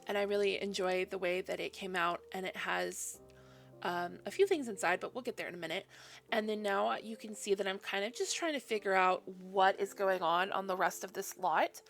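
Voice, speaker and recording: Woman, sleepy chatty game voice-over, gravelly edge, faint music behind. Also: medium pitch, moderate pace, a bit bright. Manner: chatty, self-deprecating, laughs often. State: yawning, sleepy. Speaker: Sims builder narrating a speed build. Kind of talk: casual voice-over narration.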